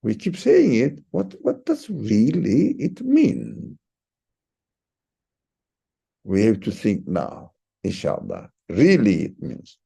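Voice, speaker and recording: A man leads a reflective religious study lesson at an unhurried pace. His husky voice swings widely in pitch. He often stumbles and repeats words before pushing a point home. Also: wildly swooping pitch, warm tone. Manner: halting, repeats words, rises sharply for emphasis.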